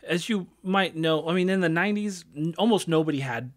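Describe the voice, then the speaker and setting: A man's voice: on the high side, brisk. A man in his thirties hosting a gaming podcast in casual chat, rambling with many fillers and restarts. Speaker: podcast host.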